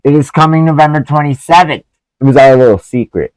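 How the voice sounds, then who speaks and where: A man's voice: medium pitch, normal speed, darkish tone, clear, resonant tone, no room sound, low-quality recording. A man reviewing movies in a profane, sarcastic comedic rant. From Canada.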